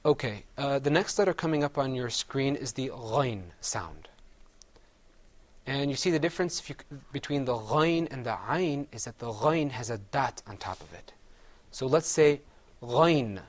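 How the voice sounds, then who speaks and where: A man's voice: mid-range voice, animated, moderate pace. A man teaching Arabic letter sounds in a class, patiently saying each one and having the group repeat it. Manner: explains mouth positions step by step. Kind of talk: classroom pronunciation drill.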